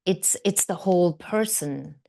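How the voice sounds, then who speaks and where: A middle-aged woman guest on an interview show, speaking in a slightly low voice. She tells her stories with lively energy, breaks into quoted voices and stumbles over fillers and restarts along the way. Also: unhurried, creaky. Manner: animated storyteller, acts out quoted voices, many fillers and restarts. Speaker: guest actor and director. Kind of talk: casual interview conversation.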